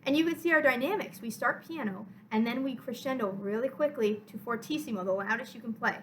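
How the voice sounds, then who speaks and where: Bright-voiced woman teaching orchestra. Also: fairly high pitch, a little fast, hardly any pauses, a little hiss or hum, rough recording. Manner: clear, encouraging, step-by-step explaining. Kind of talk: recorded music lesson.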